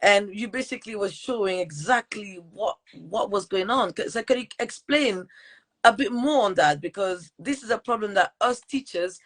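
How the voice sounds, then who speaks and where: A woman's voice: medium pitch, moderate pace. A woman with a French accent, a teacher hosting a live podcast interview, chatty and full of fillers and apologies. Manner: chatty, warm-hearted, apologetic, with many fillers. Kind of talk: live-streamed conversational interview.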